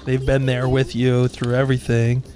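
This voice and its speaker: A man's voice: medium pitch, monotone, normal speed, warm tone. A man joking casually while commenting on a film, with faint music behind. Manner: joking, playful. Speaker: commentary host.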